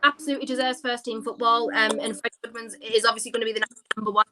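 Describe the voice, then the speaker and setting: A woman's voice: a little high, steady tone, fast, a crowd in the background. A woman co-hosting a podcast, reading out viewer questions in a chatty, rambling way. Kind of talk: casual chat. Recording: noisy background.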